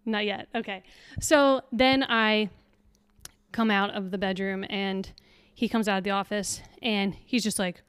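A woman's voice: mid-range voice, fairly even intonation, unhurried, a bit bright, clear, resonant tone, no echo. A young adult woman co-hosting a podcast, telling a story in casual chat and acting out the quotes. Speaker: podcast co-host.

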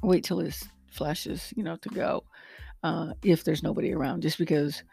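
A woman vlogger chatting casually to her viewers in a rambling, animated way about her pet peeves. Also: low-pitched, normal speed, gravelly, breathy edge, soft background music. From lives in Texas. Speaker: vlogger and rideshare driver. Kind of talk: casual chat to camera.

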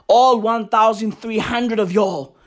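A man, ranting loudly and mockingly, swearing and laughing as he talks. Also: sits high, fairly even intonation, slow pace. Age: 20s. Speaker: comedic ranter. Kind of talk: profane comedic rant. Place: outdoors in a lively neighborhood.

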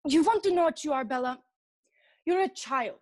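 A woman's voice: high voice, animated, normal speed. An actress playing a stern, cold elderly mother who talks in a curt, scolding, commanding way. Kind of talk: stage drama acting.

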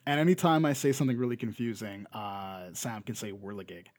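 A man's voice: lowish voice, expressive, fairly quick, dry recording, studio quality. A young Canadian man with a Canadian accent, co-hosting a podcast in casual chat, rambling with lots of fillers and restarts. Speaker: podcast co-host.

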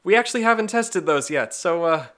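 A man's voice: high-pitched, animated, fairly bright tone, pitched above the performer's own voice. A man doing a flustered, sheepish ride worker. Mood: sheepish relief. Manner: nervous, apologetic, rushed. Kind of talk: podcast role-play bit.

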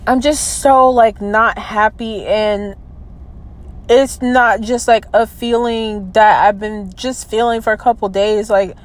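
A young woman in her twenties who talks through her feelings, stopping and restarting with lots of fillers. Her voice sits a little higher than most women's. She sounds down and emotional, as if close to tears. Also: fairly even intonation, slow, rough recording. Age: 20s. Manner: hesitant, many fillers and trailing restarts. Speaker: vlogger. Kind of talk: personal venting vlog.

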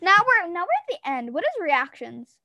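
High-voiced excitable young woman podcaster. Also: moderate pace. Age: young adult. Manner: excitable, giggly. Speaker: podcast host. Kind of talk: casual podcast chat.

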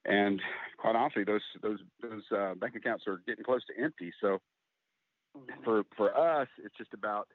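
A man's voice: fairly low pitch, no echo. Earnest middle-aged man on a phone line. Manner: open, earnest, halting. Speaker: guest, country singer. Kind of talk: candid interview talk. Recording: tinny phone-like line, dry.

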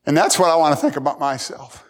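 A middle-aged man preaching a sermon, folksy and emphatic, climbing to loud high peaks and repeating words. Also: expressive, fast talker. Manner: emphatic, rising loud at key points. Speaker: pastor.

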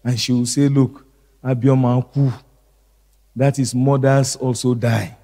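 A middle-aged male pastor preaching a sermon slowly and deliberately, repeating key phrases. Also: medium pitch, flat delivery, mellow, big-room sound.

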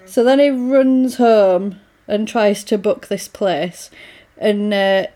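A woman in easy conversation, retelling a film scene by scene. Her pitch sits in a middling range, and she slips into quoted lines with lively energy before dropping back to plain chat. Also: slow. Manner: animated retelling, acting out quoted lines with laughs. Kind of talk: casual film recap chat.

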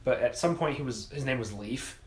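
A man's voice: medium pitch, fairly quick, roomy sound. A young man rambling casually in group chat, full of "like" fillers and swearing. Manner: rambling, profane, lots of likes.

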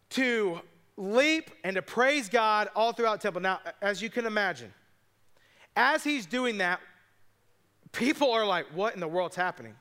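A man preaching a sermon speaks in a high, bright, clean-toned voice. He tells the story with quick asides, acting out the voices of its characters.

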